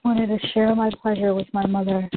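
A woman in a guided tapping session, softly and reflectively repeating phrases back. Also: medium pitch, little pitch movement, normal speed, noisy background. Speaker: client in a therapy session. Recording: thin phone-like audio, dry.

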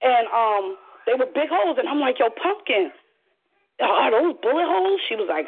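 Animated woman storyteller on a phone line. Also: high voice, normal speed, husky. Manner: animated, profane, acts out voices in her story. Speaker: caller. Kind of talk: casual storytelling.

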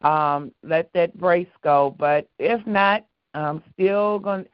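A woman calling in to a prayer line, speaking in a warm, churchy way and repeating herself. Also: fairly low pitch, slow pace, no room sound. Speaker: caller. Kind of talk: casual call-in prayer testimony. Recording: dry muffled phone line.

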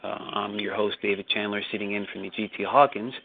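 A man's voice: fairly low pitch, flat delivery, brisk, creaky, breathy edge. A man hosting a call-in show, talking casually with many restarts and growing indignation. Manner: hesitant, repeats words, indignant. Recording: tinny phone-line audio.

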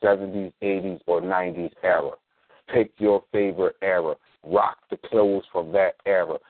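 Deep-voiced Philly man hosting radio. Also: fairly even intonation, no room sound. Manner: laid-back slangy promos, spells things out slowly. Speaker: radio show host. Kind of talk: casual talk radio. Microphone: sits in a squeaky reclining chair. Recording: dry tinny phone-like line.

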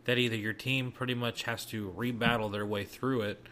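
A man's voice: medium pitch, steady tone, normal speed, bright, forceful tone, slight background noise. A man co-hosting a casual gaming podcast, explaining game mechanics and dropping dry wisecracks. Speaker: podcast co-host.

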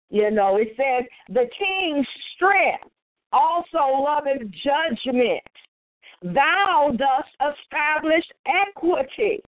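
Lady pastor doing morning bible study over a phone call, high voice, dry and tinny, keeps listing verses. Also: no room sound. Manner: folksy preaching, lists scripture references, repeats for emphasis. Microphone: phone conference line. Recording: phone-line broadcast, dry.

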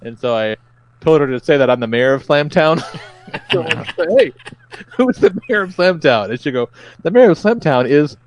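Here a man with a slightly high voice speaks at a normal speed. He co-hosts a comedy podcast, telling stories casually with plenty of profanity and quotes he acts out.

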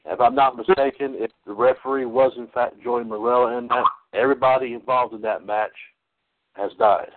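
A man's voice: medium pitch, steady tone, moderate pace. A man hosts a casual wrestling trivia chat, wandering through his thoughts and restarting sentences. Now and then he slips into a mock-grand announcer flourish. His voice comes through thin and boxy, like a phone call. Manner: rambling, self-correcting, playful announcer flourishes. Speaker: trivia show host. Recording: phone-like lo-fi audio.

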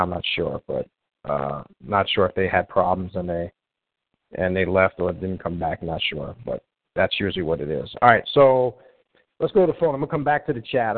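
A man with a fairly low voice hosts a live call-in show, talking loosely and circling back on himself. The sound is thin and phone-like, with a dry feel. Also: no room sound. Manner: rambling and loose, restarts often while troubleshooting callers. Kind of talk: casual live call-in chat.

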